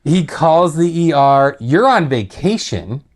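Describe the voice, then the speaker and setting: A man on a podcast, telling a personal story in a casual, animated way that sometimes drops low and quiet. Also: slow. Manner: animated, laughing retelling that drops to quiet, heavy tones.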